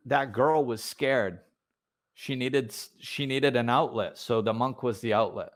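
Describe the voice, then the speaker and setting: A man hosting a podcast, telling a spiritual story in a loose, casual way full of fillers and restarts. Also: mid-range voice. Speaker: podcast host.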